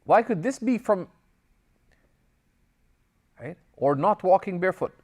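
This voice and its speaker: An Islamic teacher with a high-pitched voice and a measured pace leads a religious class in this recorded lecture. He reads from Arabic texts and explains them in English, adding personal stories. He is animated as he alternates between the two, and he voices dialogue in passing while he tells his anecdotes.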